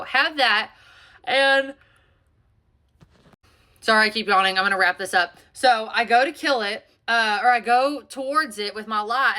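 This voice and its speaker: A woman, shaken and a little breathless, telling a storytime in a casual, animated way full of fillers. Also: mid-range voice. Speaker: storyteller vlogger.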